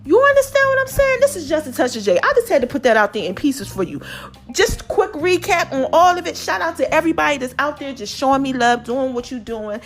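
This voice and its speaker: A woman's voice: sits high, sing-song, fairly quick, faint music behind. A middle-aged woman, hosting her own podcast as a passionate, preachy motivational monologue addressed straight to listeners. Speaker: podcast host.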